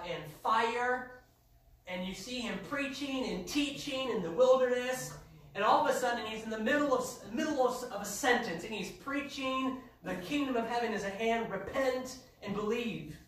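High-voiced man preaching in echoey church. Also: recorded from a distance, a little hiss or hum. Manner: emphatic preaching, rising to shouts. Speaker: pastor. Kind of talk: sermon. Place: church sanctuary. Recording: echoey church heard from afar.

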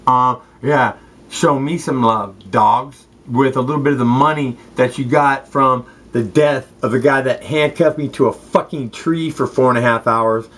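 A man's voice: mid-range voice, a little slow, fairly bright tone, low-quality recording. Man on a profane rambling rant. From Southern California. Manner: street slang, addresses people directly, repeats "straight up" and "okay". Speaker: former football player.

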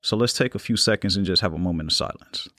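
Calm, unhurried man podcasting. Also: low-pitched, dry recording, studio quality. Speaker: podcast host. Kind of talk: casual solo podcast talk.

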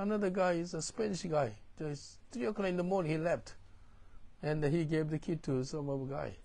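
Pastor, male, gravelly, slightly high voice, plain spoken, checks in with his listeners. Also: lively intonation, normal speed, dark tone. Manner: non-native English, broken grammar, frequent "do you understand?". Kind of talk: informal Bible teaching.

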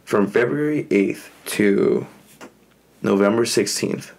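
A man's voice: lowish voice, takes it slowly, creaky, darkish tone. A man hosting a podcast, asking questions in a friendly, open, conversational way. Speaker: podcast host. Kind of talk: casual interview chat.

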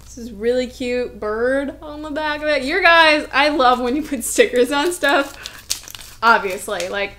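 A woman in her twenties opening fan mail for her vlog, gushing and chatty with excited asides. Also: sits high, unhurried, slight background noise. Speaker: vlogger.

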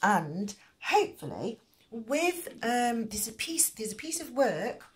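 A woman's voice: a little high, sing-song, slow pace. A middle-aged woman hosting a crochet channel, explaining at length in a rambling casual way with many fillers and restarts.

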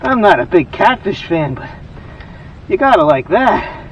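A man hosting a fishing vlog outdoors on a lake, excitable and exclaiming, and out of breath. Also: sits high, measured pace, distant mic, dull audio, a little hiss or hum. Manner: excitable, exclaiming, laughing often. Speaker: fishing channel host.

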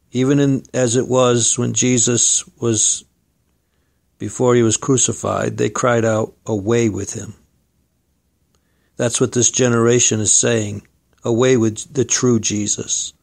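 Gravelly-voiced man preaching a sermon. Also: medium pitch, darkish tone. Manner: earnest, exhorting, addresses listeners as friend and folks.

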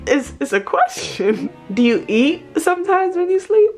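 A woman's voice: very high voice, very animated, a little slow, darkish tone, soft background music. A woman in her twenties with a sing-song, coaxing manner, laughing often while she asks her toddler playful questions. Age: 20s. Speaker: vlogger interviewing her toddler. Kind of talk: playful casual chat.

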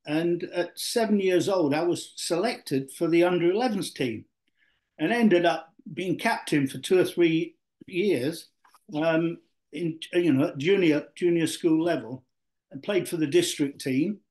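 A man's voice: fairly high pitch, a little slow, darkish tone. An older man from Yorkshire, a former footballer being interviewed, telling long stories full of fillers and restarts. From Yorkshire, England. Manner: rambling with many fillers and restarts. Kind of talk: storytelling interview.

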